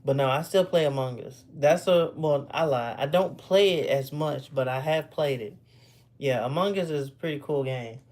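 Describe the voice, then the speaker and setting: A man's voice: a little high, moderate pace, a little mellow. A tired man in his thirties chatting casually on a live stream at home. He rambles and corrects himself, yawning now and then. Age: 30s. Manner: rambling, self-correcting, laid-back. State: sleepy, yawning. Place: home computer room.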